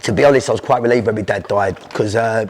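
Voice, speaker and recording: Rapid-fire man, guest spinning anecdotes with restarts, in a reverberant space. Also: lowish voice. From South London. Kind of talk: storytelling interview. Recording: long hall reverb.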